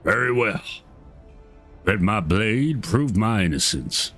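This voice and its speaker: A man voicing a large accused man in a video game, speaking low and drawn out. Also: expressive, a bit bright, faint music behind, heavily acted. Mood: defensive. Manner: low, slow, drawn-out delivery. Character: large accused man, calm then sneering villain.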